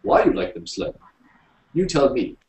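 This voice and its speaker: A man's voice: mid-range voice, very animated, a little slow, a little mellow, pitched above the performer's own voice. A man reading a story, voicing a grinning foreign café patron who speaks in broken English. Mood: insistent. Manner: broken English, repeats "please". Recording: roomy, from a distance.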